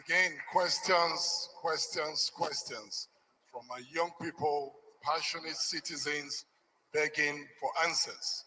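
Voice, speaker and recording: A man's voice: on the high side, fairly even intonation, takes it slowly, bright, forceful tone, slight background noise, low-quality recording. A man moderating a press conference, hesitant and full of fillers.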